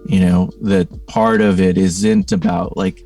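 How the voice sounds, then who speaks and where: A middle-aged man with a very low, gravelly voice shares his story as a podcast guest. His tone is dark and mellow, and he speaks thoughtfully, leaning on "you know" and "like." He sounds a little far from the mic, with faint music behind. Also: level tone, takes it slowly. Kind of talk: reflective conversational storytelling.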